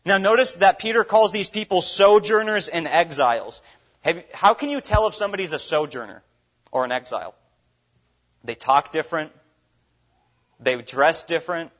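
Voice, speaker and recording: A man's voice: fairly high pitch, expressive, normal speed, pauses often, fairly bright tone. A man from Minnesota preaching a sermon as pastor, earnest and full of rhetorical questions. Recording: dull lo-fi recording.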